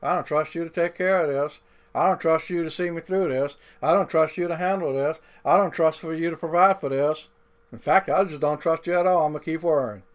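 A male preacher acting out an anxious man who stubbornly refuses to trust God, in fast, repeated phrases. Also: on the high side, natural voice.

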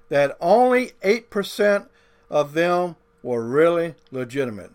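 A man's voice: a little high, very animated, a little mellow. A male pastor delivering a sermon, drawing out key words and repeating points, with folksy grammar. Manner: deliberate, drawn-out emphasis with folksy grammar.

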